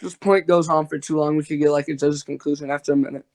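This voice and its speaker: Brief: male debater, slightly high voice, rambling filler-heavy delivery. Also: steady tone, fast talker, a little mellow. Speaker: debater and channel host. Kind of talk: casual online debate.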